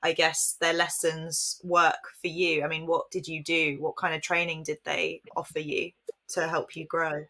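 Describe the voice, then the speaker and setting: A woman's voice: sits low, little pitch movement, moderate pace, bright, forceful tone. A woman co-hosting a podcast, rephrasing her questions as she goes in casual chat. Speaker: podcast co-host.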